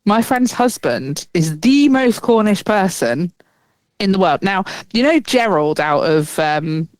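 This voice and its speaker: A woman co-hosting a chatty podcast, spinning a story with frequent giggles. Her pitch swoops around expressively as she talks. The recording is dry and close, with no room sound. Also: animated, measured pace, no echo. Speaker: podcast co-host. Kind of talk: casual chat.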